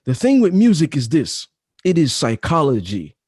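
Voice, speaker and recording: A man's voice: a little high, wildly swooping pitch, moderate pace, a little mellow, slightly rough, dry recording, studio quality. A man in his thirties, a podcast guest talking casually, with emphatic, repetitive advice-giving. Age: 30s. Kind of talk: casual chat.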